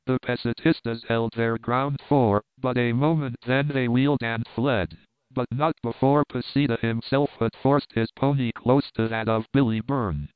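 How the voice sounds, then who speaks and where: Casting: man, audiobook narrator, smooth clear voice, dry, thin phone-like recording. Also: medium pitch, normal speed, no room sound. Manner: steady, even storytelling. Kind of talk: scripted narration.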